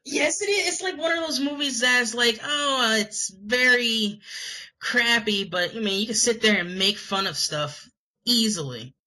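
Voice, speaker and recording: Young Scottish man, high voice, rambling, hesitant, casual chat. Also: expressive, normal speed, bright, forceful tone, low-quality recording. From Scotland. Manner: rambling, hesitant, many fillers. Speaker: podcast co-host.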